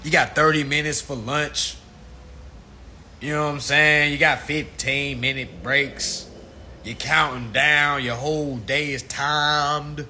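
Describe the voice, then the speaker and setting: Bright-voiced man ranting on a livestream. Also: on the high side, takes it slowly, slight background noise. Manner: animated, profane, preachy. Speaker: livestream host. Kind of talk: ranting casual livestream monologue. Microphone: phone livestream.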